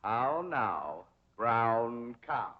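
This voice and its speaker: An actor playing a pompous, theatrical young society dandy with flowery speech. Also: male voice, mid-range voice, big pitch swings, moderate pace, natural voice. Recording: dull old TV sound.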